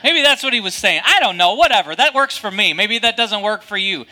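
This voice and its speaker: A male pastor preaching a sermon in a lively, conversational way with joking asides. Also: high-pitched, fairly quick.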